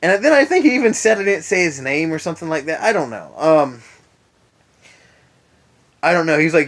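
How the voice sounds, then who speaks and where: Tired, venting young man, bright voice. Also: fairly high pitch, lively intonation, moderate pace, long pauses. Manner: tired, venting, sarcastic asides. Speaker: vlogger. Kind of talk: casual vlog rant. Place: in bed at home.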